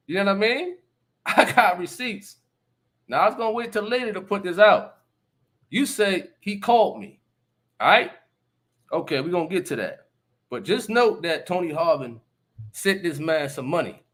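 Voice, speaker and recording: An emphatic man hosts a casual live stream, his voice sitting a bit higher than most men's. He keeps checking in with his listeners, asking whether they understand, and breaks into short laughs between remarks. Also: lively intonation, normal speed, long pauses, fairly bright tone. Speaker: livestream host.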